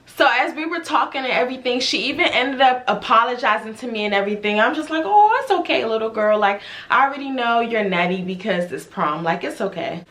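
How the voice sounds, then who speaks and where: A young woman in her twenties, a hairstylist, telling an animated storytime vlog and talking straight to her viewers. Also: on the high side, brisk, few pauses. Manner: animated, addresses viewers as y'all, acts out quotes. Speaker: hairstylist vlogger.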